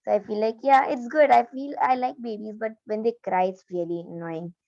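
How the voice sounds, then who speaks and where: A woman's voice: fairly high pitch, steady tone, fairly quick, warm tone, dry recording, dull audio. A young woman student giving a hesitant spoken answer in an online class, full of fillers and restarts.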